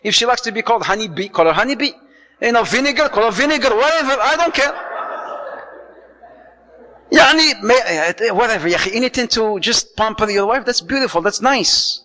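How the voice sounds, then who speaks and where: A man giving a lively sermon on marriage as a preacher, telling stories, acting out the people in them and mixing in Arabic phrases. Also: very high voice, fairly quick, big-room sound, rough recording. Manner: lively storytelling, acts out quoted voices, mixes in Arabic phrases.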